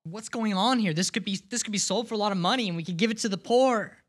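A woman's voice: mid-range voice, fast talker, slightly rough, pitched above the performer's own voice, natural voice. Indignant grumbling disciples, as a woman preacher acts them out. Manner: exasperated complaining.

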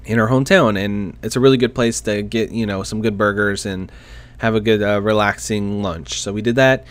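A man's voice: on the low side, steady tone, normal speed, smooth. Chatty young man telling a story. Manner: chatty, laughs often, self-deprecating. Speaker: vlogger. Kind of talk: casual storytelling to camera. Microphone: desk microphone.

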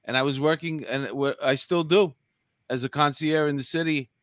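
A man with a heavy New York accent, co-hosting a casual chat, chatty and quick to laugh. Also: fairly high pitch, fairly even intonation, fairly bright tone, dry recording. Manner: chatty, laughs easily, many fillers. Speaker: co-host.

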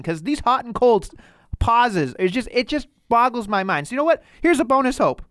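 A podcast co-host in casual wrestling chat, talking in a fast, animated, exasperated way. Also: medium pitch, no room sound, clean studio sound.

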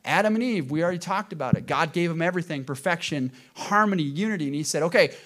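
A man preaching a sermon to his congregation, asking them questions and swinging between loud emphasis and hushed moments. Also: on the high side, expressive, fast talker. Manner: addresses congregation directly with questions. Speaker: pastor.

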